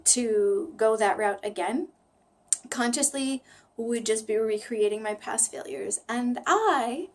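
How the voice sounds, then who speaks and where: Chatty woman vlogger with a flat American accent. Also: a little high, slow pace. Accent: flat General American. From United States. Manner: chatty, rambling, self-deprecating, drifts into whispers. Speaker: language-learning vlogger. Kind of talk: casual talk to camera.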